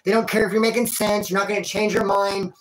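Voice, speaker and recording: A man's voice: sits high, level tone, fast talker. A man telling a rambling personal story in a casual, slangy way, calling the listener dude and bro. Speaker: vlogger telling a prison and life story.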